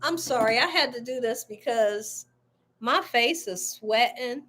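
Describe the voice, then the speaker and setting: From home with the window open, a woman hosts a casual live cooking stream, chatting freely, laughing often and reacting to viewer comments. Her voice is on the high side, unhurried and fairly bright.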